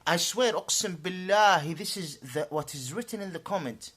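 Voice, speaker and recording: A man's voice: high voice, quick pace, sharp tone, slightly rough. Indignant man with a native Arabic background. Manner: emphatic, indignant, swears to his honesty; switches between English and Arabic. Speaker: YouTuber. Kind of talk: unscripted vlog rant.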